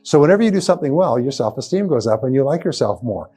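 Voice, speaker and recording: A man's voice: medium pitch, very animated, quick pace, dark tone, slightly rough. Emphatic older man giving a seminar. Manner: emphatic, repetitive, rising to punchy exclamations. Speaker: motivational speaker. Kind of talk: live seminar lecture. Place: seminar hall with a live audience.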